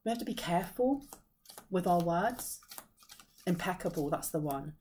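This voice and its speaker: Lady doing a tarot reading, kinda low voice, rambles and sighs, hunts for words. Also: animated, moderate pace, warm tone, slight background noise. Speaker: tarot reader and medium. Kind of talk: intuitive tarot reading to viewers.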